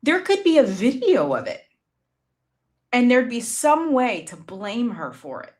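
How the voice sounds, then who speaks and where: A woman's voice: on the high side, very animated, a little slow. A middle-aged woman co-hosting a political talk show, impassioned and indignant, often stammering into her points. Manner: impassioned and indignant, with stammered restarts and sarcastic quoting. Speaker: podcast co-host. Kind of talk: political commentary chat.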